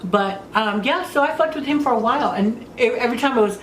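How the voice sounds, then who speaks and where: A woman telling frank stories in casual chat as a podcast host, crude, profane and animated. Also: a little high, fast. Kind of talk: candid casual storytelling. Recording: roomy room with faint noise.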